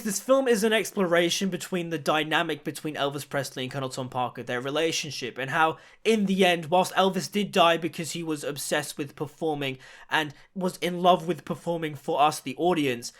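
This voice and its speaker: Man, film review video, chatty, enthusiastic, high voice.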